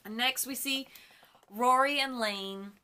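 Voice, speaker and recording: A woman's voice: a little high, takes it slowly, pushed and bright, clear, resonant tone. A woman hosting a fan channel, gushing about a TV episode in a casual recap, with plenty of ums and self-corrections. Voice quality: chatty and gushing. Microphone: on camera.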